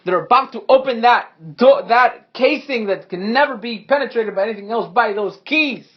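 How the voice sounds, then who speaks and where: High-voiced man running a game. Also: normal speed, dull audio. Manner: loose, improvised, laughing narration with profanity. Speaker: game master. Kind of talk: narrating a tabletop game with friends.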